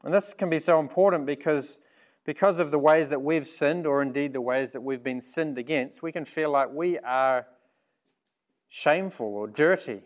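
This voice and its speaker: A man preaching a sermon in an earnest, measured way, asking rhetorical questions. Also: a little high, lo-fi sound.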